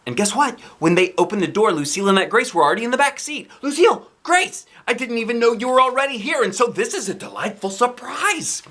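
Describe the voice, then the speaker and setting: A man voicing an excited little kindergarten girl in a storybook reading, gushing and sing-song. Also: sits high, racing, hardly any pauses, voice pushed up, full character voice.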